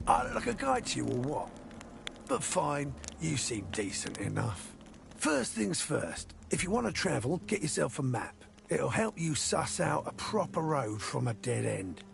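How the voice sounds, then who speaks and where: An actor playing a sly, cocky male convict hunter in a video game, with a gravelly voice and rough slang. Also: a little high, very animated, a little slow, background noise, full character voice. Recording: game music behind.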